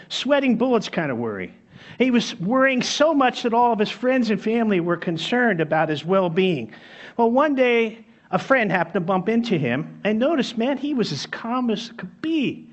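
Emphatic high-voiced preacher man. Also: lo-fi sound. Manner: emphatic, repeats key phrases, storytelling. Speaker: pastor. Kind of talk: sermon.

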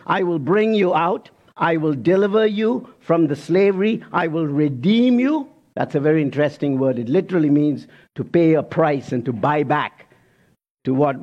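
A man preaches in a church, his voice sitting a little high for a man. He reads scripture slowly and with emphasis, then drops into casual asides to the congregation. The recording sounds dull and lo-fi. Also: darkish tone. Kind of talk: sermon. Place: church sanctuary.

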